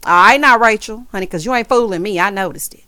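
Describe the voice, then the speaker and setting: A woman's voice: mid-range voice, fast, no room sound. Woman, reality TV recap, sassy, says honey and child a lot, dry close sound. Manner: sassy, animated, side-eye asides; addresses viewers as honey and child. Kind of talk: casual recap commentary.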